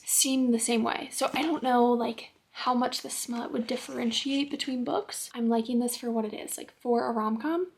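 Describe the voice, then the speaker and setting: A woman's voice: fairly high pitch, darkish tone. A young woman chatting casually in a book review vlog, full of fillers, sometimes dropping to a near-whisper. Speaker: book vlogger.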